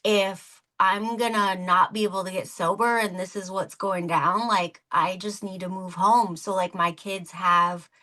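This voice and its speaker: A woman's voice: medium pitch, steady tone, unhurried, few pauses, pushed and bright, low-quality recording. A woman podcast host from the Upper Peninsula of Michigan, chatting frankly and emotionally with many filler words. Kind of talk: casual chat.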